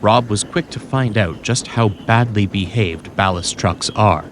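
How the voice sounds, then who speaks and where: A man narrating a children's storybook in a scripted, expressive way. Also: fairly low pitch, measured pace, background noise. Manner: expressive, voices every character. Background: music.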